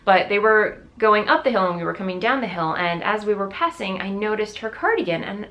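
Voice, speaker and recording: Bright, rambling, excitable woman host. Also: medium pitch, a little fast. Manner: rambling and enthusiastic, with many fillers and restarts. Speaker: knitting video podcast host. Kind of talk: casual chat to viewers.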